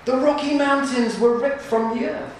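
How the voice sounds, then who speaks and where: A man's voice: very high voice, fairly even intonation, moderate pace. A man reading a rhyming picture book aloud to a live audience, playful and joking between pages and laughing often. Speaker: reader at a live storytelling event. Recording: echoey room, distant mic, background noise.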